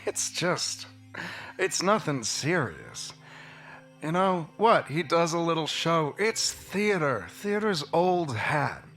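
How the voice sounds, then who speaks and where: Man doing a smooth, flattering agent, slow and easygoing with a lively lilt. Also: a little high, faint music behind, exaggerated voice. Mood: reassuring. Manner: reassuring, smooth-talking. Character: slick male showbiz agent, smooth and flattering.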